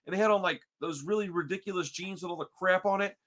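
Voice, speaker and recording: A man from Texas telling a story on a podcast in casual chat, slangy and animated, calling everyone dude and bro. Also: sits high, fast talker. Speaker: podcast co-host.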